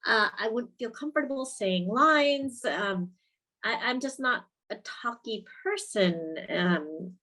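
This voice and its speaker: Female director guest; animated, laughing storyteller who performs her quotes. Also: a little high, takes it slowly, rough recording. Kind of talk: casual interview chat.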